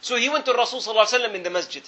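A man's voice: extremely high pitch, rapid-fire, sharp tone. A man preaching a sermon, telling a story earnestly and repeating phrases for emphasis. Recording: dull lo-fi recording.

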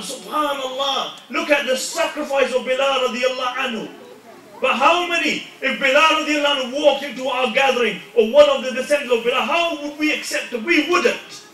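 A man preaching a sermon with passion, his voice rising to shouts at times. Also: very high voice, slight background noise. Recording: echoey hall, voice from far off.

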